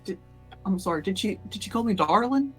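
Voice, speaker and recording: A man's voice: sits high, animated, fairly quick. Laid-back guy at a tabletop game, laughs a lot, faint music behind. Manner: easygoing, laughs often. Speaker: player. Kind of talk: tabletop role-play.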